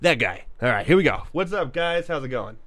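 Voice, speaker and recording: A man hosting a fantasy football podcast, ranting in an excitable, hyped way and now and then breaking into shouts. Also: fairly high pitch, a little fast. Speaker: podcast host.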